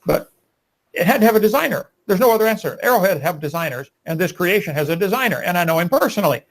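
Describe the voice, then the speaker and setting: Sex: man. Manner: preachy, emphatic debater, slightly high voice. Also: lively intonation, fast talker, rough recording. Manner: emphatic, preachy, rhetorical questions. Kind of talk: live debate argument.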